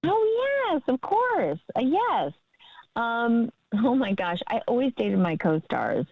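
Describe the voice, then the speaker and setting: Middle-aged actress guest, effusive and chatty, dry slightly dull call audio. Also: female voice, a little high, huge pitch swings, slow, no echo. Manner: chatty and effusive, laughs often. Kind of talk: casual interview chat.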